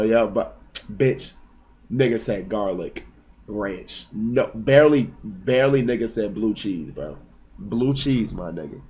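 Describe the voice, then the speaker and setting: Excitable young man streaming at home. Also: medium pitch. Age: 20s. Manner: excitable, profane, talks back to chat, bursts into yelling. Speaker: livestreamer. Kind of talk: casual live-stream chat.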